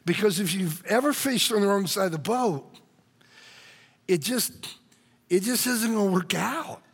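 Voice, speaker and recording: High, gravelly-voiced male preacher. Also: measured pace, in a large hall. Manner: animated, joking, calls out to the congregation. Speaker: pastor. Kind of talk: sermon. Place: church sanctuary.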